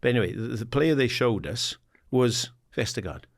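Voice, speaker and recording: A man in his sixties from England, a guest in an interview, telling animated stories and acting out the dialogue. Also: medium pitch, moderate pace. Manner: animated anecdotes, acts out quoted dialogue, laughs often; swears casually, says "mate". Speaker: guest, former footballer and assistant manager. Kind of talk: casual storytelling interview.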